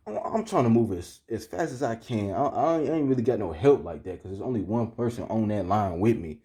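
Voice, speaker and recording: A man's voice: mid-range voice, mellow. A young man vlogging, telling a story casually to the camera in heavy slang, often checking in with the listener and getting heated as he retells it. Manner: slangy, keeps asking "you feel me", heated when retelling.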